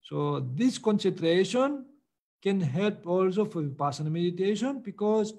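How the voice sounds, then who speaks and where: A man teaching meditation and answering students' questions, speaking patiently with many pauses and fillers. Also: high-pitched, lively intonation, a little mellow.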